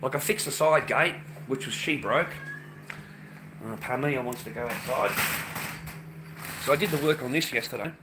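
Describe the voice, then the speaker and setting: A man talks straight to the camera in a loose, profane rant. He circles back to the same points again and again. His voice sits at an ordinary middle pitch, with steady background noise behind him. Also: normal speed, long pauses. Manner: profane, ranting, repeats himself. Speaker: vlogger. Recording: noisy background.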